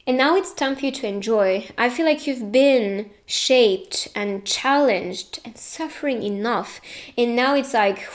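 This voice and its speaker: A woman's voice: a little high, slow. A young woman giving a casual tarot reading, earnest and reassuring, getting tearful at times. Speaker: tarot reader.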